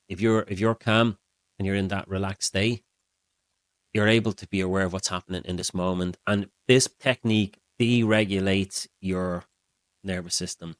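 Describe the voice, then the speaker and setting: Male mindset coach, middle-aged, very low voice, dry close sound, calm steady explaining. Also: dry recording. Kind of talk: explaining to camera.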